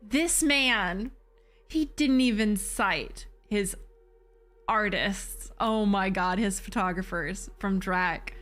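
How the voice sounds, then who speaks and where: Woman game streamer, mid-pitched, chatty and animated, casual swearing, faint game music behind. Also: slow. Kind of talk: casual let's-play commentary.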